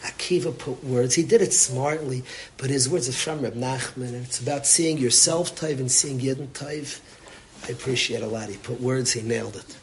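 A man's voice: mid-range voice, normal speed, a little hiss or hum. Impassioned man giving a heartfelt sermon. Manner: impassioned, repetitive, sprinkled with Yiddish and Hebrew terms. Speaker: religious speaker. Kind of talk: inspirational sermon.

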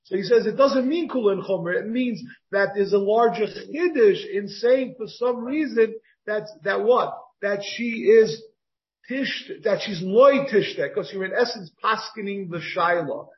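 A man's voice: high-pitched, a little slow. A rabbi teaching a Talmud class, thinking aloud and posing rhetorical questions as he works through the text. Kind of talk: Talmud lecture. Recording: dull lo-fi recording.

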